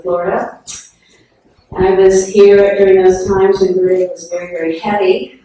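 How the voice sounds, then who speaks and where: A woman's voice: lowish voice, warm tone. A woman shares frank, self-deprecating stories and laughs often along the way. She sounds distant from the microphone in a big echoing hall with a faint hiss behind her. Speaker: speaker at a memorial gathering. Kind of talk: telling personal anecdotes. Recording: echoey hall from far off.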